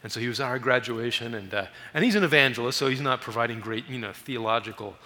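A man preaching as a guest missionary in a church, telling stories in an animated way and raising his voice for emphasis. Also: mid-range voice, fast, in a large hall. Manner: animated storytelling, raises voice for emphasis. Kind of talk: sermon. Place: church sanctuary.

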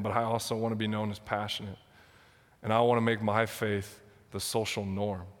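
Passionate young pastor in a reverberant sanctuary. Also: male voice, on the low side. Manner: passionate, emotional, near tears. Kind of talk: sermon and prayer. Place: church sanctuary. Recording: long hall reverb.

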